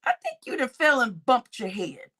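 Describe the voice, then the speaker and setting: A woman's voice: fairly high pitch, huge pitch swings, normal speed, bright, forceful tone. A woman YouTube commentator giving casual gossip commentary, laughing often, swearing freely and repeating her phrases.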